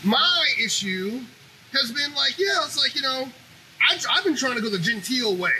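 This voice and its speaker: Male commentary host with a strikingly high, cutting voice, delivering a fired-up, foul-mouthed monologue. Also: normal speed, slight background noise, low-quality recording. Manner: animated, profane, ranting. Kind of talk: opinionated monologue.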